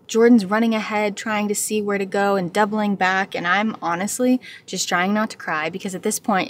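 A young American woman narrates her travel vlog in a candid, chatty way. Her voice sits at an ordinary middle pitch. A faint hiss runs underneath. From United States. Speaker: travel vlogger.

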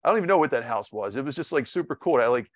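A man's voice: mid-range voice, animated, very fast, no room sound. A man hosting a podcast interview, talking in a chatty, upbeat way with many fillers and restarts. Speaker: podcast host. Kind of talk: casual interview.

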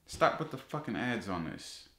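A man vlogging, ranting about ads with heavy swearing, his voice jumping up high when he gets exasperated. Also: big pitch swings, normal speed, a bit bright, roomy sound. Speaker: YouTuber. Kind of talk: casual ranting vlog.

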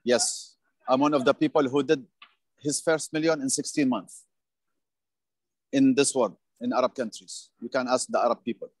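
A man's voice: medium pitch, fairly even intonation, moderate pace, long pauses, no room sound. A man confidently telling his business story in slightly non-native phrasing. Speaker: team member giving a testimony. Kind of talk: testimonial speech.

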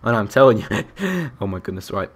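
A young man commentating his Minecraft survival game, chatty and excitable, talking to the animals and to his viewers. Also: on the low side, brisk, husky. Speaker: gaming YouTuber. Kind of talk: Minecraft let's-play commentary.

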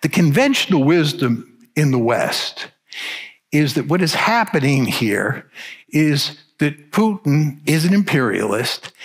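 A man's voice: fairly high pitch, slightly rough. An older man giving a public lecture, arguing his case emphatically and stressing key words. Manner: emphatic, argumentative.

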